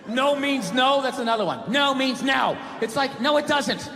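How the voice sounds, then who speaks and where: Man, stand-up comic, Boston accent, ranting, high-pitched, live theater recording with crowd and echo. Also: normal speed, background noise. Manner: ranting, shouting into exaggerated impressions. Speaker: stand-up comedian. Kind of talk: stand-up comedy set. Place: stage before a live audience.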